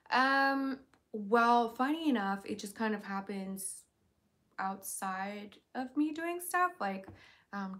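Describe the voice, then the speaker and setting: A young woman hosting a casual livestream, chatty and upbeat, reading viewers' questions aloud and answering them. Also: medium pitch. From United States.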